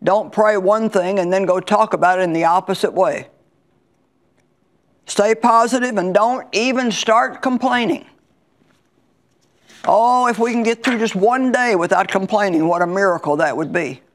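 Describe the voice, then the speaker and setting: A woman's voice: medium pitch, moderate pace. A woman Bible teacher preaching a sermon in a conversational, emphatic way, repeating her key lines.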